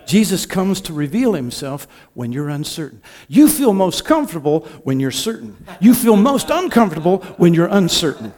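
A man preaching a sermon as pastor, impassioned, moving between hushed and loud delivery. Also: sits high, big pitch swings, normal speed, hardly any pauses.

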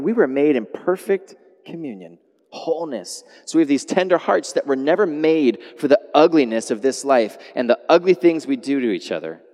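Guy pastor giving a sermon, goes quiet then loud, big echoey church sound. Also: mid-range voice. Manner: animated, swings from soft to loud exclamations. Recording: long hall reverb.

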